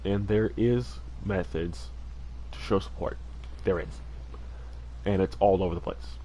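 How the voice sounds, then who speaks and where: A man chats casually during a game stream in a fairly low voice, earnest and heartfelt. He rambles, restarting sentences and padding them with fillers. A faint hum sits behind him. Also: a little slow, warm tone, poor audio. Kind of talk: casual livestream chat while gaming.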